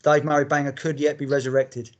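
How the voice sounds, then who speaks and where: A man's voice: a little high, little pitch movement, a little fast, dull audio. A man co-hosting a casual podcast, blunt and matey, swearing often. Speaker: podcast co-host. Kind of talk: casual chat.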